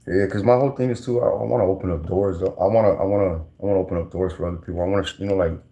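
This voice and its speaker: A man's voice: low voice, fairly even intonation, rapid-fire, dark tone, lo-fi sound. A man, telling stories in a slangy, rambling way, full of restarts and fillers. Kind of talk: casual storytelling.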